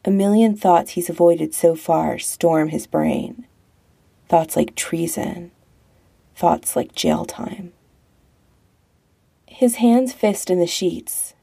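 Slow, gravelly woman narrator. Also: fairly low pitch, mellow. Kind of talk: audiobook narration of a romance story.

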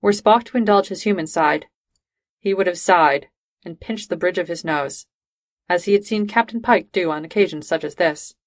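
A woman reading fan fiction aloud in steady, even narration. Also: on the low side, moderate pace, no echo, studio quality. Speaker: reader.

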